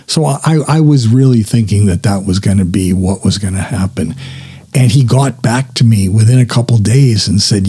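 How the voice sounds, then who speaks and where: Man, podcast host, husky, mellow low voice, casual and self-mocking. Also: normal speed. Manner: self-deprecating, chatty, swears casually. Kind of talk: casual solo podcast talk.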